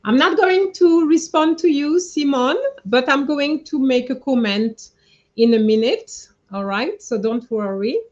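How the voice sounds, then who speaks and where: Woman language teacher, unhurried, fairly high voice, patient explanations, slightly dull lo-fi sound. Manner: slow, patient, explains with frequent "okay?" checks. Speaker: French teacher. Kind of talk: online class, correcting a dictation.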